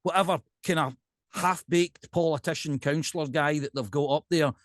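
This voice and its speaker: A man with a Scottish accent, a podcast guest and pipe band drummer, chatting casually in an animated ranting way and often checking in with "right?". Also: fairly high pitch, moderate pace, no echo, studio quality.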